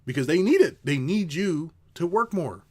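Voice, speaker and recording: A middle-aged business coach rants casually to his viewers in an unscripted video, swearing and mocking people in put-on voices. His voice is fairly high-pitched, animated and a little mellow, at a normal speed.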